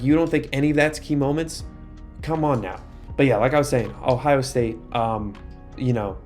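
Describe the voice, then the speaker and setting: A man's voice: medium pitch, darkish tone. A young man giving casual commentary while playing a football video game, breaking into exasperated outbursts. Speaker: gaming YouTuber.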